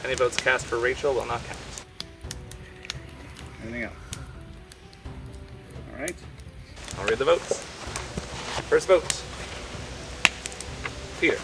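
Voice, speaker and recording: A man hosting a game show, reading out votes with a measured, formal announcer delivery. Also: medium pitch. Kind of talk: announcing votes at a tribal council. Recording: distant mic with music underneath.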